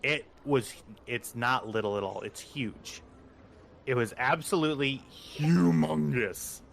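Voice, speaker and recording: A man chatting casually and then narrating as game master, rambling and animated with many fillers. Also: medium pitch, unhurried, gravelly, a little hiss or hum.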